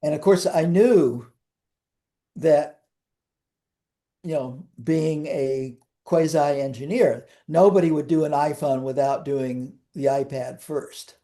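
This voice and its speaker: A man's voice: a little high, slow, warm tone. An older man, a guest in an interview, telling wry, rambling anecdotes with frequent restarts.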